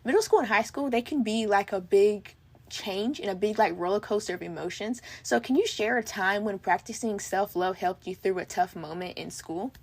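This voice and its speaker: A woman's voice: mid-range voice, normal speed. A teenage girl hosting a casual podcast interview, bubbly and upbeat, with lots of "like" fillers. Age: teens. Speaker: podcast host.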